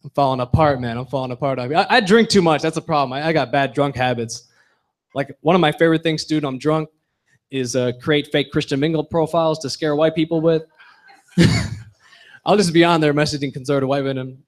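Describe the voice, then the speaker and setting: A young man working a stand-up set into a handheld mic, his voice sitting a touch high for a man. He lands lines with a punchy, deadpan delivery and drops low and quiet for his asides. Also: fairly quick. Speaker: stand-up comedian. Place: comedy bar stage with live audience.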